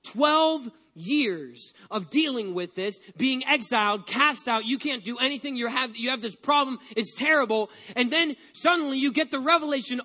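High-voiced, bright male pastor. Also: moderate pace, hardly any pauses. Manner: animated storyteller, frequent restarts. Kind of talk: sermon with personal storytelling.

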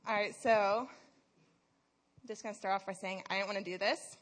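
A woman's voice: mid-range voice, steady tone, normal speed, long pauses. Young woman sharing a candid testimony. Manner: candid and conversational, often says "like". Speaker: student leader giving a message. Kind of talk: personal testimony talk at a youth service.

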